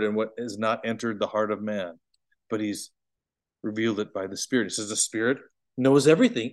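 Animated man teaching bible study. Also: medium pitch. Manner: animated, emphatic, swings between loud and hushed.

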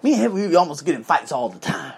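A man in his thirties from Las Vegas spins a casual story for his viewers. His voice is gravelly and husky and swings widely up and down in pitch. He swears freely and often laughs as he talks. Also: fast. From Las Vegas, USA. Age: 30s. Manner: animated, profane, laughs often.

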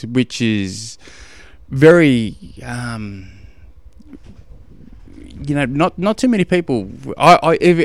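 A middle-aged Australian man chats loosely on his own podcast, drifting off topic and laughing at himself. His voice is smooth and resonant and sits mid-range. It is recorded dry and close to the mic. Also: mid-range voice, no echo. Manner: rambling, self-deprecating, laughs often. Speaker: podcast host, endurance coach. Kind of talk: casual solo podcast chat.

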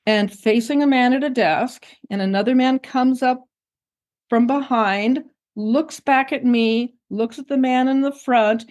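An older woman, a guest on an interview show, recounting her own memories in a reflective, unhurried way. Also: on the high side, a little mellow. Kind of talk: personal recollection in an interview.

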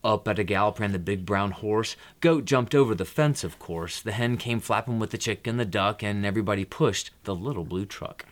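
A man hosting, reading a children's picture book aloud, relaxed, dropping his voice for quiet asides between lines. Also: fairly low pitch, fairly quick, hardly any pauses.

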